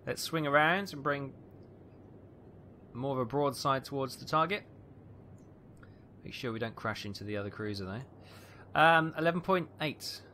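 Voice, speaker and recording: A man giving tense, excitable live commentary on a naval battle game, calling out ranges and fire orders. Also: mid-range voice, normal speed, pauses often, a little hiss or hum. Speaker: gameplay commentator.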